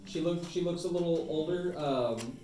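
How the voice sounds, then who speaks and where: A man's voice: fairly high pitch, normal speed, mellow. A man from Minnesota runs a tabletop game and rambles through his descriptions. He stops for fillers and breaks into laughter. The voice is recorded from a distance in an echoey room with faint music playing. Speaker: game master. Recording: roomy echo, mic at a distance, faint music.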